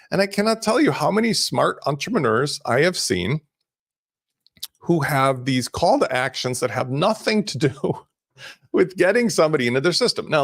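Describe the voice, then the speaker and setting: A middle-aged man hosting a live business webinar in a casual, energetic way, jumping between examples as he shares his screen. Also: medium pitch, creaky, no echo, clean studio sound.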